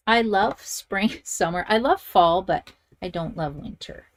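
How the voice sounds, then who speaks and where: A woman's voice: mid-range voice, lively intonation, a little slow. A middle-aged woman from Canada hosting a live card-making tutorial, chatting and thinking aloud as she works and reads viewer comments. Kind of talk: live-streamed stamping tutorial.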